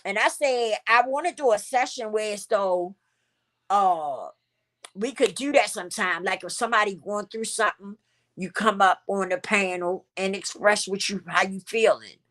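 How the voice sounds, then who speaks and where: A middle-aged woman speaks straight to her viewers in a heartfelt personal vlog. Her voice is bright and forward, and she talks openly about her feelings, circling back to repeat her points. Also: mid-range voice, normal speed. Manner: emotional, candid, repeats phrases for emphasis. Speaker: channel host.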